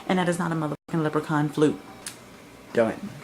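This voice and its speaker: Southern US accent, vlogger, sarcastic profane rant, creaky gravelly voice. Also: mid-range voice, fairly quick, darkish tone, a little hiss or hum, rough recording. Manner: blunt, sarcastic, profane ranting. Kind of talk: comic rant to camera.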